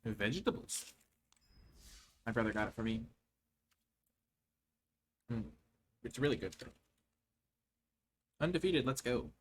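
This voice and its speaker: A man streaming a card game, talking low-key and joking, then breaking into loud theatrical cheers. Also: lively intonation, unhurried, pauses often, slight background noise. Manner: playful, jokey asides. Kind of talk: live game-stream commentary.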